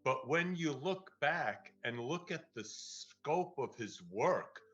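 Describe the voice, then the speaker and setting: A man giving reflective tribute remarks, halting and stammering as he searches for words. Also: on the high side, animated, fairly bright tone, faint music behind. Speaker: tribute speaker. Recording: dull lo-fi recording.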